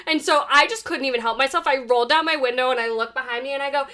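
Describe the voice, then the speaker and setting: A woman, co-hosting a podcast and telling stories with animated, sweary energy. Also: high voice, fast, few pauses. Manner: animated storytelling, yells quoted lines, swears freely. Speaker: podcast co-host. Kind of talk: casual chat.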